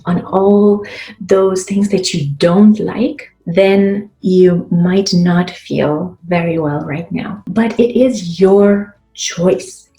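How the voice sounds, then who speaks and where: A woman with a warm, mellow voice gives an earnest motivational talk, speaking straight to the viewer. She acts out short quoted phrases as she goes. Her voice rings around an echoey room. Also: medium pitch. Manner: earnest, encouraging, directly addresses the viewer. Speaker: self-help vlogger.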